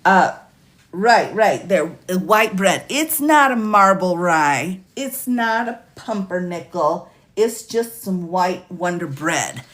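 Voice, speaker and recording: A woman's voice: fairly low pitch, expressive, slow, a bit bright. A woman hosting a casual livestream, talking through a bill with a sassy edge, laughing often and reading legal text aloud. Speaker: livestream host discussing legislation.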